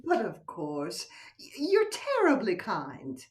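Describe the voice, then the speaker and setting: An older stage actress reads the part of a soothing, coy wife who is cheating, playfully teasing and occasionally whispering, during a video-call play reading. Her pitch is medium but swoops wildly, and her pace is slow. The mic picks her up from slightly too far away.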